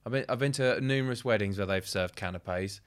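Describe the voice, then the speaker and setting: A man's voice: lowish voice, fairly quick, clean tone. A man, a comedian guest, chatting casually with wry jokes. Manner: wry, joking, dry asides. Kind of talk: casual chat.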